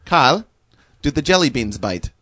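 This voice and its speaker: A man imitating his older German mother, who mangles English words, in a high, thickly accented voice. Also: big pitch swings, measured pace, fairly bright tone, a little hiss or hum, full character voice. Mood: chirpy.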